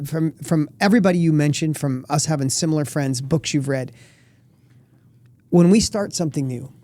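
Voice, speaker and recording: A man talks in an emphatic, motivational way as a podcast guest. His voice sits slightly high, and his tone is mellow and dark. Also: no echo. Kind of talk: podcast conversation.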